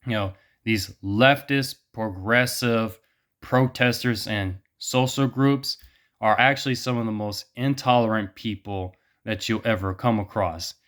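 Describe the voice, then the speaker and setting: A man's voice: on the low side, measured pace, fairly bright tone. Blunt, profane man ranting. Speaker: vlogger. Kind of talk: opinion monologue.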